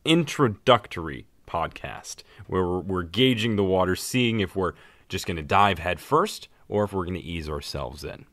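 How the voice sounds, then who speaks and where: Laid-back deep-voiced podcast co-host man. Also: expressive, moderate pace, fairly bright tone, no echo. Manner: laid-back, joking, hesitant with fillers. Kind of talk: casual podcast chat.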